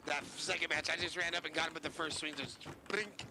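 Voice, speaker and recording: A man's voice: fairly high pitch, steady tone, a little fast, background noise. A man in gaming voice chat, bragging about his fighting and laughing it off. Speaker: player in voice chat.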